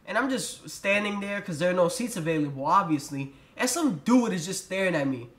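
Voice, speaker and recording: A man's voice: high-pitched, lively intonation, fairly quick, fairly bright tone. A young man telling a storytime vlog in a profane, exasperated rant. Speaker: vlogger. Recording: roomy echo.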